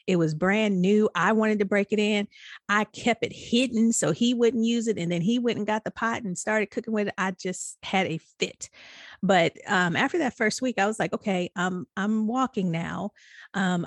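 A woman's voice: mid-range voice, moderate pace, no room sound. A woman co-hosting a podcast in casual chat, telling her own story candidly and animatedly. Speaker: podcast co-host.

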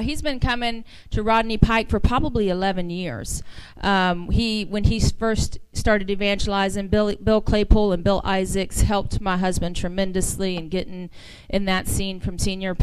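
Woman, Southern accent, guest preacher, smooth clear voice, dry close sound, conversational then fervent. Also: mid-range voice, fairly bright tone, dry recording, rough recording. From American South. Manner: conversational, rising to fervent exhortation. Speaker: guest speaker. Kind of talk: church sermon. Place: church sanctuary.

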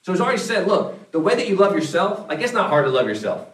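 A man preaches a sermon in a talkative, conversational way, stumbling and restarting his words now and then. His voice sits a little high for a man. It comes across a room with plenty of echo, picked up from some distance. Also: very animated, fast. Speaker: pastor. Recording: echoey room, mic at a distance.

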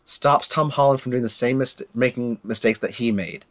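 Animated young man retelling movie scenes. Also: medium pitch, normal speed. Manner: animated retelling with frequent fillers and repeated words. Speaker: movie discussion co-host. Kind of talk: casual chat.

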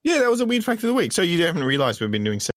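A man's voice: sits high, big pitch swings, very fast, fairly bright tone. A man co-hosting a podcast in casual chat, teasing and swearing. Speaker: podcast co-host.

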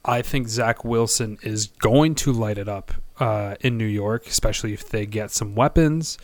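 A man co-hosting a casual sports podcast, rambling and hesitant, often poking fun at himself. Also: on the low side. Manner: rambling, halting, self-deprecating. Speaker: podcast co-host.

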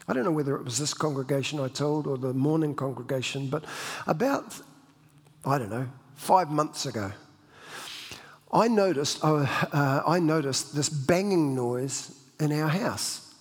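A man preaching in a relaxed, storytelling manner, often restarting his sentences and poking fun at himself. His voice has a husky, slightly rough edge. The sound carries a long reverb, as if recorded in a church hall. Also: on the high side, a little slow. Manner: conversational, self-deprecating humor; many restarts and repeated words. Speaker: pastor. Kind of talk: storytelling sermon.

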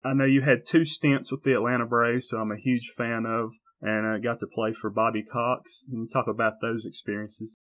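Guy asking interview questions, pretty flat delivery, bright tone. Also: mid-range voice, normal speed, few pauses. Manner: brief, plain prompts.

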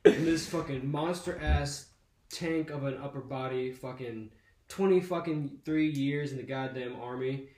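A man's voice: mid-range voice, a little mellow. Profane young man telling a story, echoey room. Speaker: podcast host. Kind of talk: casual storytelling. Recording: echoey room with faint noise.

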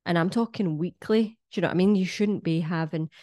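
A woman's voice: fairly low pitch, fairly quick, mellow, dry recording, clean studio sound. Blunt, sweary Scottish woman. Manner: blunt, sweary and cheeky, lectures the listener directly. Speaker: wellness vlogger. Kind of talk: casual monologue to camera.

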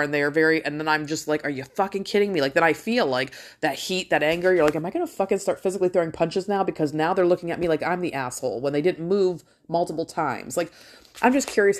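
A middle-aged woman ranting casually to her viewers, blunt and full of swearing as she tells a story. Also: deep voice. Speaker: vlogger.

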